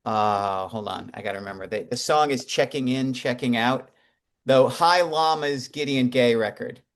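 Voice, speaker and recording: Relaxed male podcast co-host, mid-pitched. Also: moderate pace. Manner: relaxed, rambling tangents. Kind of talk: casual music chat.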